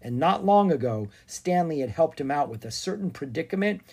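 Animated children's-book narrator, breathy and very lively in pitch. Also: a little fast. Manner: animated, expressive reading. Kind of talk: storybook read-aloud.

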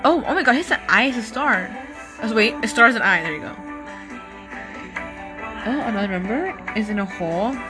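A young woman hosting a casual podcast, reacting excitedly to a video with frequent exclamations and fillers. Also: medium pitch, moderate pace, long pauses, over music. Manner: gushing, exclamatory, many fillers. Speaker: podcast host.

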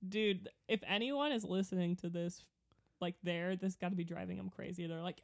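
A woman's voice: fairly low pitch, moderate pace, gravelly, dry recording, clean studio sound. A woman co-hosting a casual podcast chat. She rambles through a story, giggles often, and trails off mid-thought before starting again. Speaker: podcast co-host.

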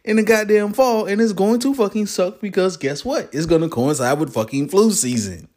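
A man's voice: high voice, animated, moderate pace, a little mellow, pitched above the performer's own voice. A man imitating a blunt, defiant older woman official who swears emphatically. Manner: profane, emphatic.

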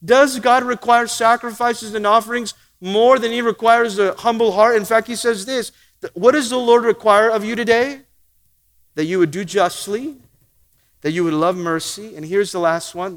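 A man preaching a sermon, slowing down to read scripture aloud and chuckling often. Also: high voice, fairly bright tone, in a large hall. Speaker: pastor.

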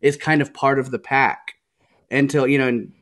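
A man's voice: medium pitch, normal speed. Chatty man on a casual podcast. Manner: relaxed, chatty, laughs often, recounts scenes at length. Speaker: podcast co-host. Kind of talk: casual podcast discussion of a TV show.

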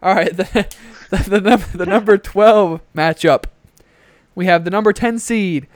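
A young man co-hosts a podcast through a headset, ranting animatedly in casual, profanity-heavy chat. His voice is high-pitched at a measured pace, with no room sound.

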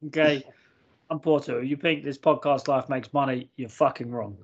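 A man co-hosting a podcast, telling a story in casual, animated chat and swearing freely. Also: medium pitch, moderate pace. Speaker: podcast host. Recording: muffled lo-fi podcast audio.

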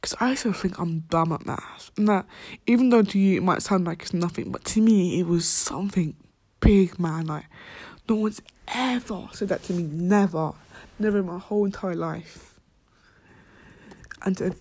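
A woman's voice: on the low side, moderate pace, a little mellow, breathy edge, dry recording. A young woman, a college student talking casually about her own life, rambling with many fillers and restarts, dropping to whispers at times. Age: young adult. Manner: slang-heavy, drops to whispers at times. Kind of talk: casual personal vlog.

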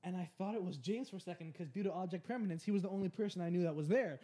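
Dark-voiced man in joking podcast chat. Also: high voice, very fast. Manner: joking, animated storytelling. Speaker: podcast co-host. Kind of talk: casual chat.

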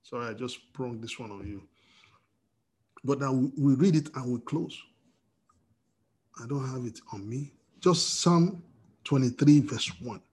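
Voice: medium pitch, measured pace, pauses often, a little mellow, breathy edge. A preacher giving an emotional, fervent sermon, often restarting phrases.

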